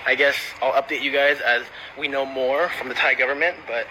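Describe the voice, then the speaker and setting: A man's voice: mid-range voice, fairly even intonation, a little fast. Man vlogging outdoors over traffic noise. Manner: casual, filler-laden update. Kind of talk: outdoor news vlog.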